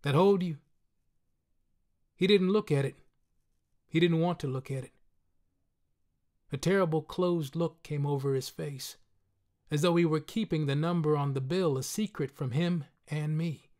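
A man narrating a literary short story in the first person, in a quiet, measured, somber way. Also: fairly high pitch. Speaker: reader.

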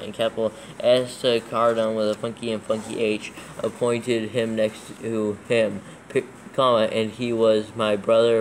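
A man's voice: lowish voice, slight background noise, rough recording. A man reading scripture aloud for proofreading, calling out capitals and punctuation marks as he goes. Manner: reads steadily, spelling out capitals and punctuation. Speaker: reader dictating scripture for proofreading. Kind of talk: dictating text aloud with punctuation.

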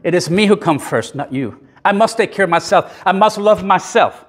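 A man with a high voice and lively intonation delivers a sermon in a church sanctuary. He speaks conversationally yet emphatically, pokes fun at himself, and waits for the congregation to answer with amens.

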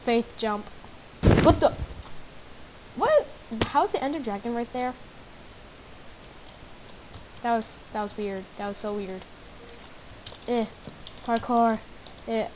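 A woman giving casual gameplay commentary, excitably guessing aloud and exclaiming at the game. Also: a little high, measured pace, pauses often, noisy background. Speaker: gamer. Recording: background game music. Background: game music.

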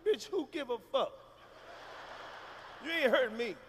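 A man performing a stand-up comedy routine on stage, loud and profane, shouting his punchlines. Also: extremely high pitch, very animated, normal speed, long pauses, a little hiss or hum. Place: large concert hall with audience. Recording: live hall recording with reverb.

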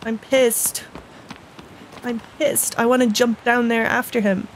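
A woman's voice: a little high, flat delivery, slow pace, a little hiss or hum, rough recording. A woman giving casual commentary while playing a video game, talking in an upset, indignant way and swearing. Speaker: let's play gamer.

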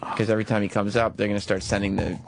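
A man's voice: fairly low pitch, little pitch movement, racing, vocal fry, background noise. A man who is a regular on a radio show, needling the others with sardonic remarks in casual banter.

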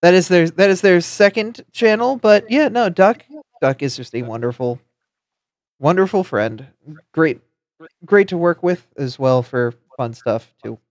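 A woman's voice: fairly low pitch, animated, unhurried, darkish tone, dry recording. Chatty woman streamer with a dry voice. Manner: friendly, rambling with fillers and repeated words. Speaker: streamer and host. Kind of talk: casual live-stream chat.

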